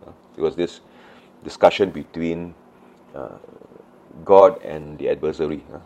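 A middle-aged man with a Malaysian English accent preaching a sermon as pastor, telling the story lively and acting out voices. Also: very deep voice, a little slow, lo-fi sound, a little hiss or hum. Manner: animated storytelling, acts out voices of disciples.

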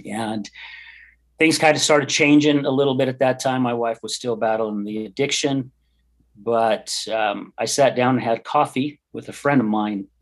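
A man's voice: medium pitch, moderate pace. A middle-aged man telling his personal story as a podcast guest, earnest, heartfelt and candid. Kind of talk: personal testimony in an interview.

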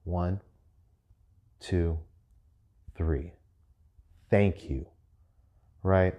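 A man's voice: low-pitched, very slow, muffled recording. A young adult man hosting a podcast, telling a profane story in a loose, laughing way. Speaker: podcast host. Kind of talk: casual storytelling monologue.

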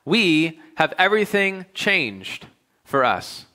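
A male pastor preaching a sermon, stacking repeated phrases with rising emphasis and then dropping into quiet, conversational asides. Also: fairly high pitch, very animated, slow.

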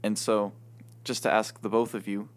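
A man with a low voice leading a discussion question. He speaks carefully with pauses and some dry humor. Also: flat delivery. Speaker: guest small group leader.

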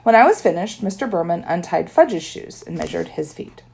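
A woman's voice: fairly low pitch, lively intonation, normal speed, creaky, darkish tone. A woman narrating a children's story in first person with a wry tone. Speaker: audiobook narrator.

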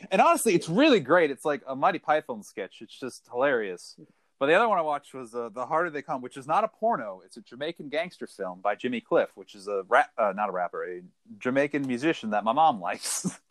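A man co-hosting a casual podcast chat, animated and profane, laughing often and mimicking people. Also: mid-range voice, a little fast, no room sound. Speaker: podcast co-host.

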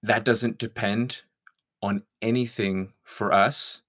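A man's voice: fairly low pitch, steady tone, slow pace, fairly bright tone. A man talking as a guest in a conversation, thoughtful and searching, sometimes laughing. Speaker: guest songwriter. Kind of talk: reflective conversation.

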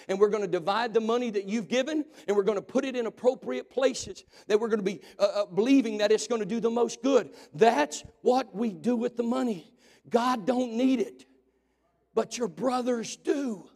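High-voiced pastor shouting in a hall. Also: male voice. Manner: preaching with shouted emphasis and dramatic pauses. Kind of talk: sermon. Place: church sanctuary. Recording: long church hall reverb.

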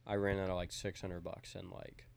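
A young college man with a very deep voice who talks in a relaxed, meandering way, leaning on fillers. He drops blunt jokes into casual chat with friends. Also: a little fast, creaky, clear, resonant tone. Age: young adult. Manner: laid-back, filler-heavy, blunt jokes. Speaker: podcast co-host, college student.

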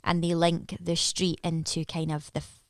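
A woman's voice: fairly low pitch, completely flat delivery, normal speed, no echo. A Scottish woman guesting on a podcast, her voice sitting dry and close. She chats easily and encourages the others along. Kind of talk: casual chat.

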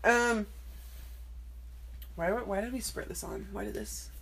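A woman's voice: medium pitch, sing-song, takes it slowly, creaky, a bit bright, husky. A woman co-hosting a casual podcast, cracking teasing, dry jokes. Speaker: podcast co-host. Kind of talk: casual chat.

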